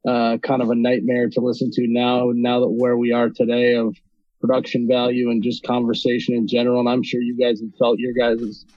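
A man's voice: medium pitch, monotone, a little fast, a little mellow, no echo, dull audio. A man from North Dakota talking as a podcast guest in a casual interview, hesitant with many ums and restarts. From North Dakota, USA. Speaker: podcast guest, video creator.

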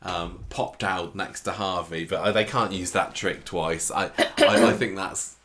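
A man's voice: deep voice, fairly even intonation, a little slow, fairly bright tone. A man co-hosting a podcast, making wry, mildly exasperated asides in a casual chat. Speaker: podcast co-host.

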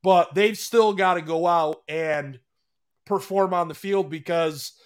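Man, high voice, emphatic, profane, rambling restarts, casual sports talk. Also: unhurried.

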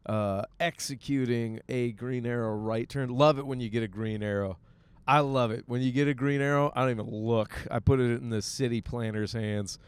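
A man's voice: mid-range voice, fairly even intonation, moderate pace, smooth, no room sound. Joking man rambling from his car. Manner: jokey and self-mocking, with frequent swearing and silly voiced asides. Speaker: podcast host. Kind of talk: casual rambling monologue. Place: in a car while driving.

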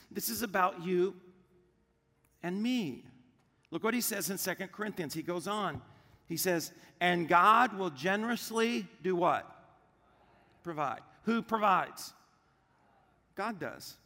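A pastor preaches in a bright, high voice, firing questions at the congregation and answering them himself with emphasis. His words ring with the long reverb of a large church hall. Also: gravelly. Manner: emphatic call-and-response preaching. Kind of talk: sermon.

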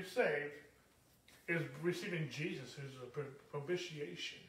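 A man preaching a sermon, his voice pitched high for a man. He presses his points with repetition and keeps checking in with the listeners. The sound is roomy and echoey, as if picked up from some distance away from the mic. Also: measured pace, fairly bright tone. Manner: emphatic, repetitive preaching with many "okay?" asides. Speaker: pastor.

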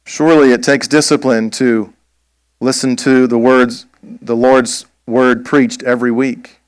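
A man preaching a sermon as pastor, slow and emphatic, posing rhetorical questions. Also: medium pitch, little pitch movement, smooth, dry recording.

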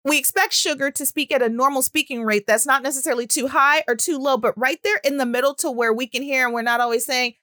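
A woman speech-language pathologist giving a casual, animated talk, with frequent fillers. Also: sits high, fast talker, hardly any pauses, dry recording, studio quality. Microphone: audio-only recording.

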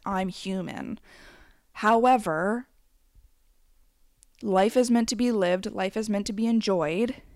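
A woman's voice: mid-range voice, a little mellow, no room sound, clean studio sound. A woman in her twenties ranting bluntly with plenty of swearing, giving candid advice in a casual conversational way with frequent asides. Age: 20s. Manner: blunt, profane and emphatic. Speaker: vlogger. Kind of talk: candid advice rant to camera.

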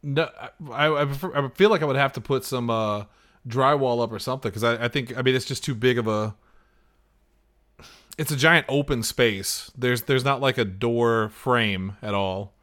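A man's voice: mid-range voice, moderate pace, fairly bright tone. A man playing a tabletop game, talking casually and swearing freely. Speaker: player. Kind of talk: casual chat.

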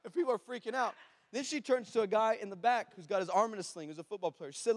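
A man, a pastor telling a story in a sermon, animated and acting out the people in it. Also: high voice, fast. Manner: animated, acts out shouts and voices of people in his story. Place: church hall before a congregation.

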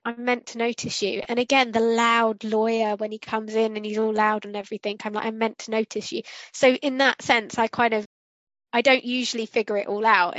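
A woman's voice: fairly high pitch, a bit bright, no echo, muffled recording. A woman co-hosting a casual podcast discussion, rambling and correcting herself as she goes and acting out what she was thinking. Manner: rambling, self-correcting, acts out quotes. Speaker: podcast co-host.

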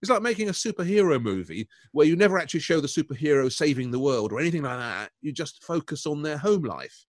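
An older man in casual critical chat, digressing and laughing as he goes. His pitch swings widely and he sounds close, with no room around him. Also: sing-song, fast, hardly any pauses, no room sound. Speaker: art critic, podcast co-host.

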